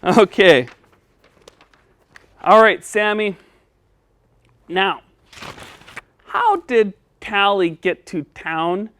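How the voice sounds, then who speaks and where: A man's voice: sits high, extremely slow, long pauses, fairly bright tone, no echo. A man hosting a children's speech lesson, patiently coaching a puppet. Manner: patient and encouraging. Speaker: host.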